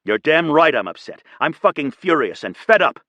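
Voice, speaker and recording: A man doing a furious, shouting young copilot. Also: on the high side, very animated, moderate pace, no room sound, lo-fi sound, pitched above the performer's own voice. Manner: shouting, angry and resentful. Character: hot-headed young male copilot, bitter.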